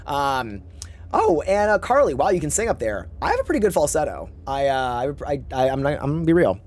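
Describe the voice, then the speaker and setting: Campy chatty male streamer, lively pitch. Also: a little fast. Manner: chatty, rambling, campy slang, reads chat aloud. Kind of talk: casual live-stream chat while gaming.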